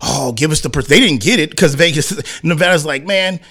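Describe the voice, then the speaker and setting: A man's voice: a little high, a little fast, fairly bright tone, breathy edge. A man hosting a sports talk radio show, ranting in a heated, rambling, slangy way and slipping into mocking voices. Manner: heated, rambling, slangy rants full of acted asides.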